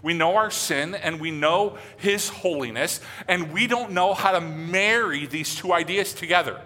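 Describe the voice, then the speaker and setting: A man's voice: high voice, a little slow, pushed and bright, in a large hall. A male pastor preaching a sermon in an easy, conversational way, with plenty of fillers. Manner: conversational, loose, with many fillers.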